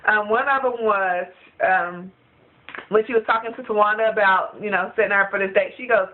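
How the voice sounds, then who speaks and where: A woman chatting in a casual review vlog, gossipy and animated, laughing often. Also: mid-range voice, brisk, slight background noise. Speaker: reality TV reviewer. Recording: tinny phone-like sound.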